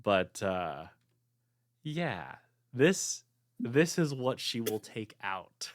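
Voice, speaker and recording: A game master narrates a tabletop game slowly, with many fillers and giggles. The voice swings widely in pitch. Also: big pitch swings, no echo. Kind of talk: tabletop role-play.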